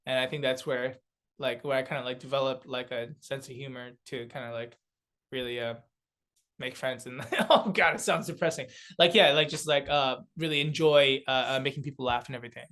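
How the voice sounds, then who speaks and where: A man's voice: medium pitch, brisk. A young man from South Korea, chatting as a guest on a comedy podcast, telling stories with lots of fillers and laughs. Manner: laughing, animated storyteller with many fillers. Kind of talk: casual podcast chat.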